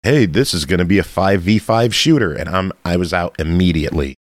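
A man's voice: low voice, a little fast, no echo, studio quality. A man hosting a casual podcast chat, jokey and laid-back. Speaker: podcast host.

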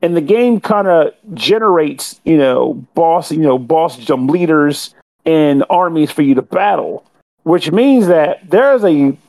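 Man with a higher, talkative voice. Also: expressive, measured pace, a little mellow. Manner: talkative, wordy, self-correcting. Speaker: podcast co-host reviewing a game. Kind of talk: casual podcast review.

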